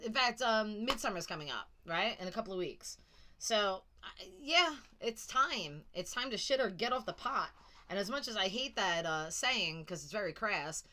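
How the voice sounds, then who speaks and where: Bright-voiced sassy tarot reader woman. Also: medium pitch. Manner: blunt, sassy, swears casually. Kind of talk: casual psychic reading monologue.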